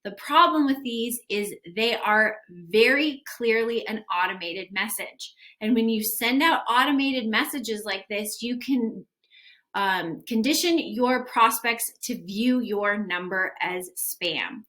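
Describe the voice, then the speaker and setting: This young adult woman coaches gym owners on sales follow-up in a casual, upbeat instructional video. Her voice sits on the high side with a sharp tone, and she speaks slowly, acting out sample text messages as she goes.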